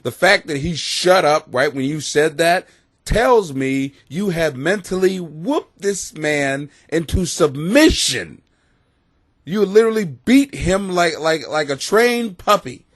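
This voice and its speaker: A man with a somewhat high, very animated voice rants crudely from his basement, swearing freely and wandering from point to point. The sound is close and dry. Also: slow, dry recording. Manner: crude, blunt and rambling, with frequent swearing. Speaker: host. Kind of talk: profane comedic rant to camera. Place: home basement.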